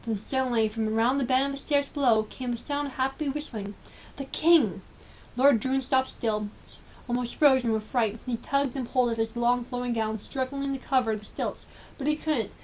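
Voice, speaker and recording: A woman reading a children's storybook aloud with lively, expressive storytelling. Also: a little high, normal speed, slight background noise. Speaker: storybook reader.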